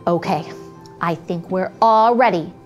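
A woman reading a rhyming picture book aloud to young children, guiding them gently in a slow, sing-song way. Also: medium pitch, lively intonation, muffled recording, faint music behind.

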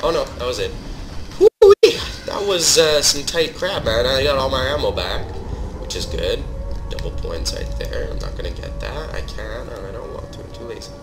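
A man as a gaming channel host, giving live gameplay commentary in an excitable way that swings from mumbling to loud outbursts. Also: mid-range voice, fairly quick, over music. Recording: steady background noise.

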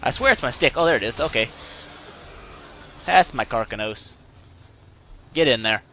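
A young man hosting a gaming channel, giving excitable let's-play commentary and yelping when things go wrong. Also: mid-range voice, normal speed, a little hiss or hum. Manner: excitable, yelps and laughs when in trouble.

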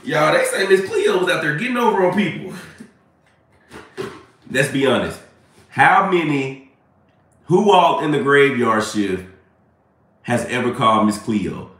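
A man's voice: fairly high pitch, big pitch swings, unhurried, pauses often, fairly bright tone, recorded from a distance. A man hosting a casual live stream, chatting with viewers and laughing often. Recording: echoey room, away from mic.

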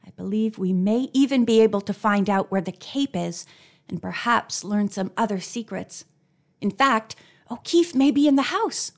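A woman voicing a bold young woman detective in an audiobook, speaking in an excited, breathless way. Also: mid-range voice, moderate pace, creaky. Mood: eager.

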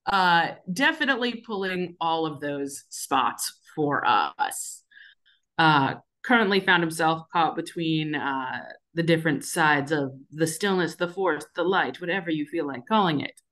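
A woman playing in a tabletop game, introducing her character in a relaxed, meandering way. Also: low-pitched, unhurried. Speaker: player.

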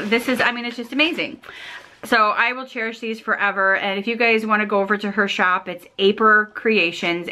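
Woman vlogger, bright ringing voice, fairly high, gushing and excited, rambling casual chat. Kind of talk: casual chat, opening fan mail.

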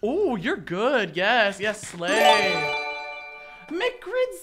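A young man streaming a game with casual chatter, excitable with dramatic reactions and playful teasing. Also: high-pitched, very slow, music in the background.

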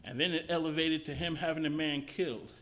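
A man's voice: on the high side, fairly even intonation, a little fast, fairly bright tone. A man preaching a sermon at a mission service, conversational and often restarting phrases.

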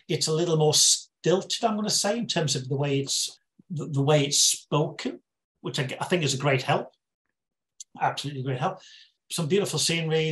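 British man reviewing a film. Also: medium pitch. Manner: measured, explanatory, plain-spoken. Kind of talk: casual interview chat.

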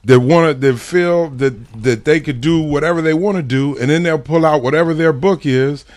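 A man's voice: on the high side, normal speed, a little mellow. A man hosting a comedic talk show, speaking bluntly and with a lot of profanity. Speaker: host. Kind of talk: casual comedic chat.

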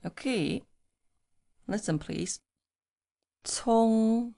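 Slow-spoken teacher woman, gravelly. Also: mid-range voice, animated, mellow. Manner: patient, repeats syllables slowly, laughs easily. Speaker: Chinese teacher. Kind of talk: slow pronunciation drill.

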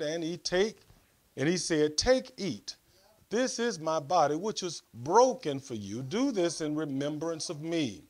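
A male pastor preaching a sermon, reading scripture aloud, adding comments and giving the congregation instructions. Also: a little high.

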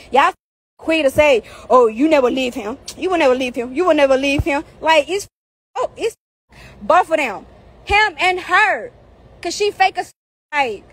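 A woman with a high voice speaks from outdoors. She is venting at her followers, swearing often and repeating her points in a heated, cursing tirade. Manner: heated, profane, repetitive. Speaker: social media personality. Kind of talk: angry rant to followers.

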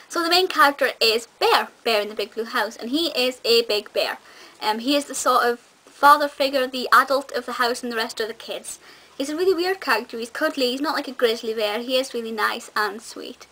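Bright-voiced chatty young woman. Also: a little high, poor audio. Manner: chatty and enthusiastic, with frequent ums and restarts. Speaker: video reviewer. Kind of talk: casual nostalgic review to camera.

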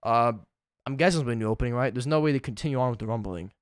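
A tired young YouTuber talks very fast in a medium-pitched voice, recorded dry on a desk mic at home. His unedited vlog is casual and rambling, full of self-deprecation and plenty of cussing.

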